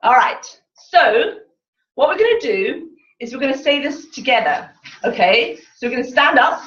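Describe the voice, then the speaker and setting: A woman leading a sales team training session, lively and laughing, getting the room to chant together. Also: sits high, moderate pace. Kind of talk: motivational talk to a room. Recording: distant echoey room mic, dull.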